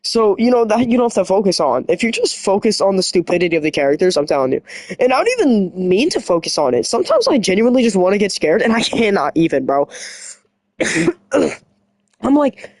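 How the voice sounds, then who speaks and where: Streamer girl ranting, says bro a lot, pitch jumps everywhere, clears her throat, dry sound. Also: brisk, dry recording. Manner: animated slangy rant, full of "bro" and "like". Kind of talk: casual chat.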